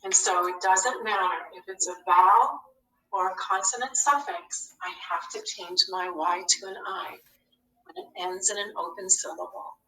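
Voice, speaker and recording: A woman's voice: medium pitch, bright, forceful tone, recorded from a distance. A woman teaching a phonics lesson to young children. She speaks patiently, asking questions and answering them herself. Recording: echoey classroom, voice from off the mic.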